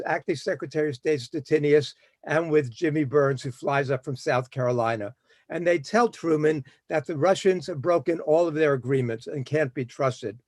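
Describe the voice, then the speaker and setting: A man giving a history talk in a storytelling manner, brisk and with fillers and restarts. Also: a little high, a little mellow, dry recording. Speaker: historian speaker.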